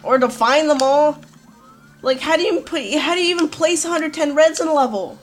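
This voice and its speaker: A woman's voice: high voice, a little fast, faint music behind. A woman hosting a let's play, talking casually and profanely with lots of "like" and "dude". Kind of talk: gameplay commentary.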